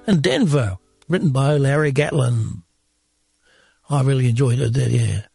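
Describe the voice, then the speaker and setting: A male radio host back-announcing a song in an unhurried, amiable way. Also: mid-range voice, gravelly, dark tone, slightly rough, no echo, studio quality, faint music behind.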